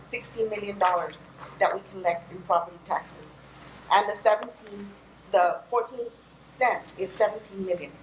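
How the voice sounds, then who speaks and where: Raspy-voiced woman presenting city finances. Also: mid-range voice. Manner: friendly, joking, walks through figures. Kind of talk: budget presentation at a public meeting. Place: city council chamber. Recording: echoey council chamber, faint noise.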